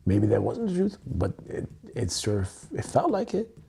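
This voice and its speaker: A man's voice: medium pitch, huge pitch swings, measured pace, vocal fry, warm tone, slight background noise. A man talking alone to his camera on a livestream, earnest and emotional, swearing freely and repeating himself as he works through his feelings. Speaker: content creator. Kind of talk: solo livestream monologue, EFT tapping. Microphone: webcam mic, looking into camera.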